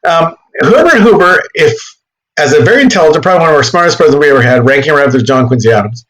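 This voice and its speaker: History teacher, male, slightly higher voice, animated, quips and self-corrections. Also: very fast, low-quality recording. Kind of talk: classroom history lecture.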